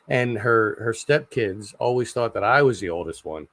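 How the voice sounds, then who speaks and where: A man in his forties hosting a casual livestream chat, rambling and halting with lots of fillers and repeated words. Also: lowish voice, lively intonation, fairly bright tone, no room sound. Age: 40s. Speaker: channel host.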